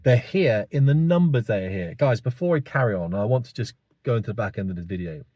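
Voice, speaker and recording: Low, dark-voiced man in his fifties musing. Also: expressive, fast, no room sound, studio quality. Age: 50s. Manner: rambling, thinking aloud, many tag questions. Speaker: channel host. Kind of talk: casual opinion monologue.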